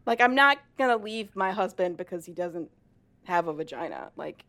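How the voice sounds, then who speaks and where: Speaking at a moderate pace in a lowish voice, this young married woman co-hosts a podcast and is recounting a story over casual conversation. She plays each character's lines with animation, peppering them with curses and laughter.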